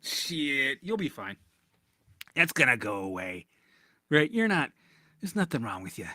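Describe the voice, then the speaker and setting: A man's voice: medium pitch, sing-song, moderate pace, bright, forceful tone, dry recording, studio quality. A man coaching viewers in a casual livestream chat, answering their comments bluntly, swearing freely and often tagging "right?" onto his points. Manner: blunt and profane, keeps checking in with "right?". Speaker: recovery coach.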